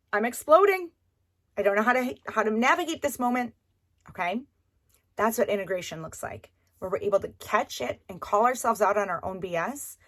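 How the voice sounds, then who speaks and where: A woman coaching through a recorded course lesson, chatty and encouraging, often checking in with "okay?" and repeating key points. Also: medium pitch. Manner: encouraging and repetitive.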